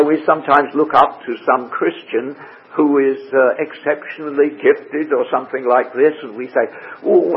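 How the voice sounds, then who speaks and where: A man teaching through a Bible passage verse by verse, measured and full of rhetorical questions. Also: fairly high pitch, slightly rough. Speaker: preacher. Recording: tinny phone-like radio broadcast.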